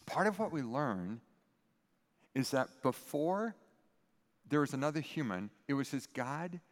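A man preaching a sermon in a conversational, animated way with playful asides. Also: mid-range voice, measured pace, in a large hall. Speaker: pastor.

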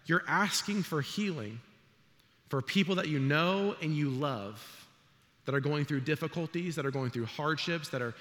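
A man's voice: on the high side, moderate pace, big-room sound. A middle-aged man, a pastor, preaching a sermon in a church and telling stories with acted-out voices. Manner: animated storytelling, acts out voices. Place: church sanctuary.

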